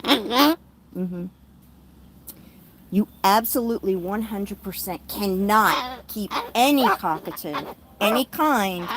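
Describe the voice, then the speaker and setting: Woman from Tennessee, slow unhurried talk, casual vlog chat, hushes a pet bird between remarks, faint background noise, outdoors on a handheld phone. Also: mid-range voice. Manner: soothing a noisy bird between chatty asides. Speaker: vlogger with a pet cockatoo. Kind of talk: casual chat while reading comments. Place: outdoors at home with birds and dogs nearby.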